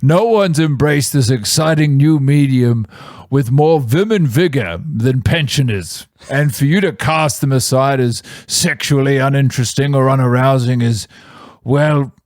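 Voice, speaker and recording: A loud, pompous inspector, put on by a man in a comic podcast bit. He is brash and self-assured, and sounds very certain of himself. The recording is dry and close. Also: mid-range voice, a little slow, no room sound, close to an everyday voice. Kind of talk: comedic podcast character bit.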